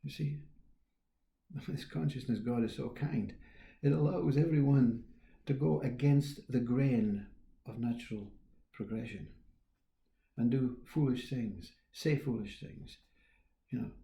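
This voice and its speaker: A man gives a slow, reflective spiritual talk with a very dark, mellow tone. His voice has a gravelly fry, and he muses aloud, trailing off and restarting. The sound carries a roomy echo. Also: mid-range voice. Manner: unhurried, musing, trailing off and restarting, quiet chuckles. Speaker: spiritual teacher.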